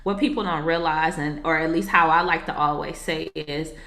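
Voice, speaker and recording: A woman with a low voice that still has a bright, forceful edge shares her story as an interview guest. She talks in an earnest, reflective way and drops casual asides to the host. The room is noticeably echoey. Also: steady tone, normal speed. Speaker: marriage coach and author, podcast guest.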